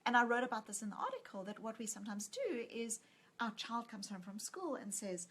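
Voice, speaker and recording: A woman psychologist and author in a conversational interview, telling stories in an animated way and acting out what people said. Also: fairly high pitch, brisk, slightly rough. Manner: animated storyteller who acts out quoted lines.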